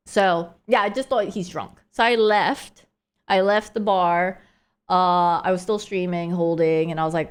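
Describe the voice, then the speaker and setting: A woman's voice: fairly low pitch, fairly even intonation, moderate pace, clean tone. A woman streamer telling a story to her chat in a casual, rambling way, full of "like" and "right?". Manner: rambling, heavy use of "like" and "right?". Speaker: live streamer.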